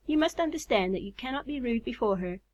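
A woman's voice: fairly high pitch, animated, fast talker, darkish tone, lightly acted. A woman voicing a brave, modest male moth with a crooked feeler, speaking plainly and humbly in a storybook. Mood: stern.

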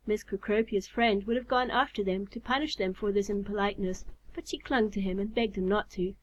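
A woman reading a children's story aloud in a calm, measured way. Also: mid-range voice. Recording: slightly muffled recording.

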